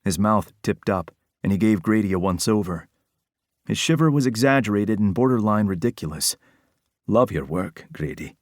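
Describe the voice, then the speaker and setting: A man narrating a crime novel audiobook in a steady, even reading. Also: fairly low pitch, moderate pace, no echo, clean studio sound.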